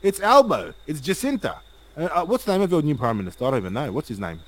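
A man's voice: fairly high pitch, big pitch swings, fast talker, low-quality recording. A man hosting a casual interview and pushing his opinions emphatically. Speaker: host.

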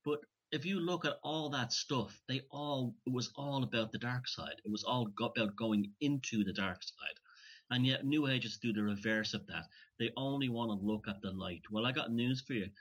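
A man in casual conversation, emphatic and opinionated, pausing and restarting as he thinks. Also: medium pitch, fairly bright tone, breathy edge. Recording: dull lo-fi recording.

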